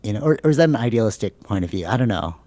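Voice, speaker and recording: A man's voice: on the low side, big pitch swings, racing, warm tone, no room sound. A man co-hosting a podcast, chatting casually and rambling, leaning on "like" and "bro". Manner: rambling, filler-heavy, says "like" and "bro" a lot. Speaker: podcast co-host.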